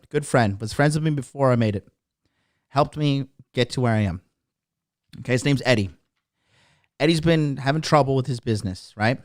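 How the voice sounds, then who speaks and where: Guy with a high smooth voice ranting on his podcast, swears a lot, dry sound. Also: no echo. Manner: profane, blunt and mocking. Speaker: podcast host. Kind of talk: ranting monologue.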